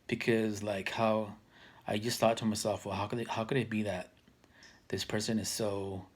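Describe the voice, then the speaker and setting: A man in his thirties talking casually to camera, soft-spoken and hesitant, with many fillers and restarts that trail off quietly. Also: lowish voice, level tone, moderate pace, slightly rough. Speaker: vlogger.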